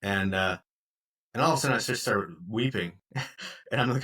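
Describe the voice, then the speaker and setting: A man's voice: mid-range voice, animated, moderate pace, pauses often, bright, forceful tone, husky. A man co-hosting a podcast in casual chat, speaking openly and reflectively about his feelings. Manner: open, reflective, candid about emotions. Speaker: podcast co-host.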